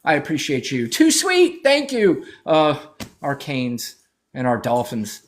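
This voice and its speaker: A man's voice: a little high, huge pitch swings, takes it slowly. A man hosting a political livestream, talking in a brash, profane, mocking way, thanking viewers and scolding callers. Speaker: livestream host.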